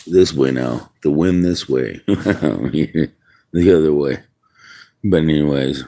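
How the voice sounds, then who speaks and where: A man's voice: a bass voice, slow pace, warm tone. A man streaming outdoors in the wind, musing aloud in rambling casual chat with viewers. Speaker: livestreamer.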